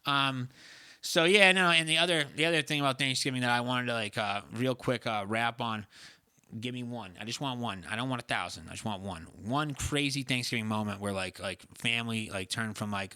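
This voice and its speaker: Young male podcast host, fast-talking, swears freely, bright edgy tone. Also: mid-range voice, smooth, dry recording, studio quality. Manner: ranting, sweary, mimics people in voices. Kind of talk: casual chat.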